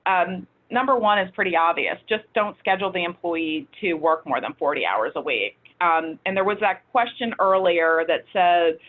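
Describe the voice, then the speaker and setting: A woman's voice: lowish voice, moderate pace, hardly any pauses. A woman presenting a webinar, explaining the steps in a practical, conversational way, with frequent fillers and restarts. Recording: tinny phone-like audio.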